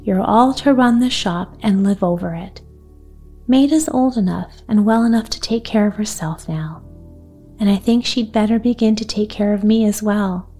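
A woman voicing a wealthy father who speaks gravely and decisively in a bedtime storybook. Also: mid-range voice, moderate pace, mellow, faint music behind.

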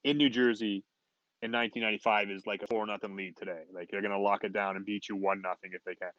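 A man's voice: fairly low pitch, fast, no echo, dull audio. A man in his forties, a former hockey player, telling a story casually with laughs and restarts. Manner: animated, laughing, many restarts.

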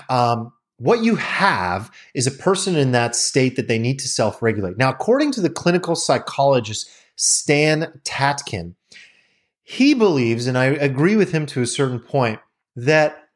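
A man talks straight into the mic like he is hosting his own show. His pitch swings widely as he explains ideas, frank and unpolished, and he drops the odd curse word. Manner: animated, candid, swears casually. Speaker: podcast host. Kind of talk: casual explanatory monologue.

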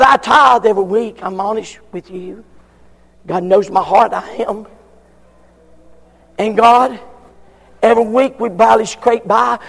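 A struggling churchgoer complains to God, halting and stammering, as a preacher plays him. The voice is very high and gravelly and rings in a long hall reverb. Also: male voice, heavily acted.

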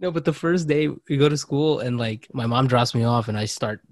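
Man, Marathi-speaking, podcast co-host, teasing, relaxed banter. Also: mid-range voice, a little fast, dry recording, studio quality. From India. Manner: teasing, laid-back banter. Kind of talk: casual chat.

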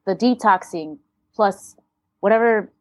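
A woman's voice: mid-range voice, a little slow, darkish tone, no echo, dull audio. A woman talking as an interview guest, telling a personal story candidly and bluntly, with swearing and re-enacted dialogue.

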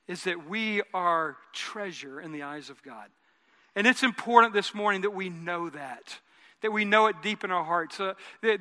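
A high-pitched, very bright male pastor preaching a conversational sermon in a church. He often repeats and restarts phrases and has the congregation say lines back with him. His voice carries a long hall reverb. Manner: repeats words and restarts phrases while building a point. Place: church sanctuary.

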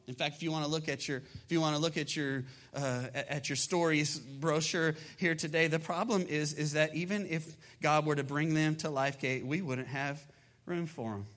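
A man, a pastor preaching a sermon to his congregation, energetic and emphatic, often asking the room rhetorical questions. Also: on the high side, moderate pace. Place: church sanctuary.

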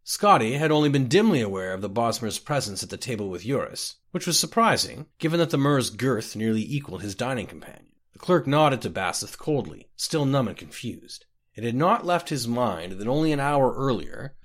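A man hosting and reading a fantasy book aloud with an expressive, theatrical delivery. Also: medium pitch. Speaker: host and reader. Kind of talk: scripted storybook narration.

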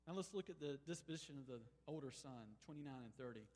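A man preaching a sermon as a pastor, moving between emphatic, rising exclamations and quiet, pleading passages. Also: mid-range voice, expressive, fast, long reverb tail. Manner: emphatic, swings from soaring exclamations to hushed pleading.

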